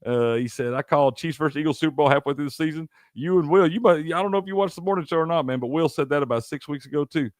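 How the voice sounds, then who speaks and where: Fast and fairly high-pitched, with few pauses, a Tennessee man hosting a live sports stream rants angrily and profanely while taking chat questions. It's a dry, studio-quality recording of this sports show host.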